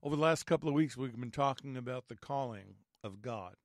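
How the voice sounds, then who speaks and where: A man with a slightly raspy voice from allergies, leading prayer and Bible teaching as host of an online faith show. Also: mid-range voice, no room sound, studio quality. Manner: earnest, measured, prayerful.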